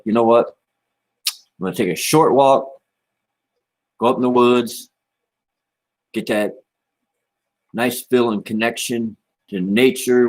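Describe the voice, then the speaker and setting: Laid-back low-voiced man chatting on a livestream. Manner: laid-back, rambling, peppered with "man" and "you know". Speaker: livestream host. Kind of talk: casual livestream chat.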